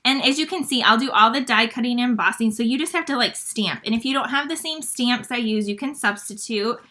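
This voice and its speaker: A woman from Michigan hosting a live paper-craft demonstration, chatty and fast-talking with plenty of fillers. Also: on the high side, bright, forceful tone. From Michigan, USA. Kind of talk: casual live craft demo.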